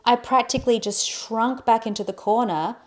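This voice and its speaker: Young woman co-host, lively storyteller who swears and acts out quotes. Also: a little high, normal speed. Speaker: podcast co-host. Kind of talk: casual storytelling chat.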